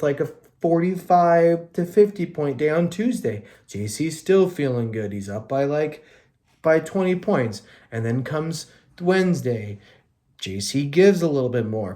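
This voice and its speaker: A young man hosts a casual fantasy hockey podcast in an easygoing, mid-pitched voice. He rattles through the week's scores loosely and swears freely. Every so often he drifts into mock rants aimed at his league mates. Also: a little mellow.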